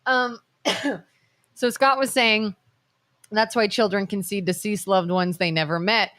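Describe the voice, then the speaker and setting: A woman co-hosts a live studio talk show, recounting stories with animated energy and posing questions. Her mid-pitched voice is close and dry on the mic, with no room echo. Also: unhurried. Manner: animated storytelling, acts out quotes. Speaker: co-host. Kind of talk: casual talk show discussion.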